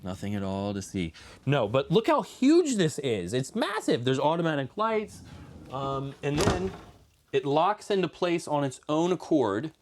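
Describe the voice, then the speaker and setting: A young man presenting a casual, enthusiastic walkthrough tour of a motorhome, chatty and now and then dropping to a soft, low voice. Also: sing-song, a little slow, a little hiss or hum. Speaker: RV dealer presenter.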